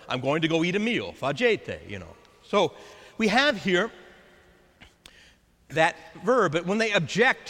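Animated preaching man in a reverberant church. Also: sits high. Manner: animated preaching, acts out quoted voices. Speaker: priest. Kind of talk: sermon.

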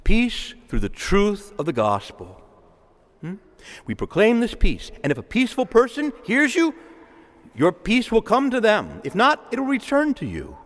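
A man delivers a homily in a casual, talky way, full of asides and restarts. His voice sits a touch high and moves a lot. A long church reverb trails each phrase. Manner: conversational preaching with asides and repetitions. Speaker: priest. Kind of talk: sermon.

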